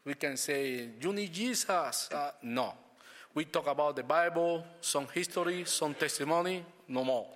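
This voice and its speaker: A man's voice: on the high side, fairly even intonation, fairly bright tone, long reverb tail. Man giving church testimony. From Cuba. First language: Spanish. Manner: halting non-native English with frequent restarts.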